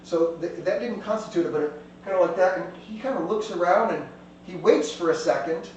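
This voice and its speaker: High-voiced game master in an echoey room. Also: male voice, brisk. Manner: rambling, loose, many restarts. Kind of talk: narrating a tabletop game. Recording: echoey room, distant mic, faint hum.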